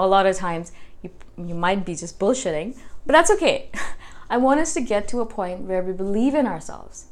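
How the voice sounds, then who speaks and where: A woman in her thirties talking in a casual personal vlog. She tells animated stories and often ends her points with a tag question. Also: mid-range voice. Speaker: YouTube host.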